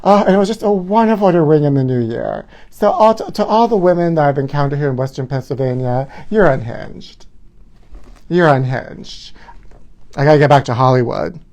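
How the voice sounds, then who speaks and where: A man's voice: a little high, fast talker, few pauses, darkish tone. A man hosting a live gossip show by himself, campy and sassy, talking into his phone camera. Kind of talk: solo livestream chat. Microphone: phone camera filming himself.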